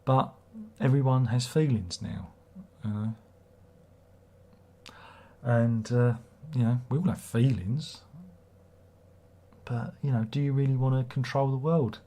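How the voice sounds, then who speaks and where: Husky, mellow man rambling. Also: mid-range voice, slow pace, pauses often. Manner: rambling, sweary, reads viewer comments aloud. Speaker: livestream host. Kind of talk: casual livestream chat.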